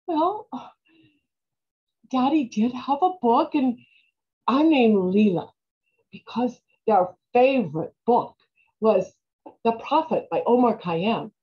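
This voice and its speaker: A woman acts out a grieving mother in a stage monologue, tearful and halting, stumbling over her words. Her voice is fairly high and husky. The recording sounds dull and lo-fi. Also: expressive, full character voice. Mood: wistful. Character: grieving farm-raised mother, tearful and pleading.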